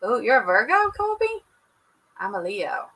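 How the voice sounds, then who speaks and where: Bright-voiced chatty woman livestreaming. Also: on the high side, sing-song, a little slow, rough recording. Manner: chatty, laughs often, Southern "y'all". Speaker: livestream host. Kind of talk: casual livestream chat with viewers. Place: at home indoors. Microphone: computer webcam mic.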